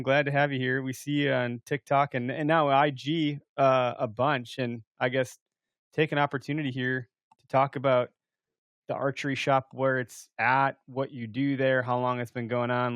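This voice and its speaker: A podcast host with a mid-range, fairly bright voice chats casually, joking around and swearing a bit. His intonation is fairly even and his pace moderate, and the recording is studio quality with no room sound.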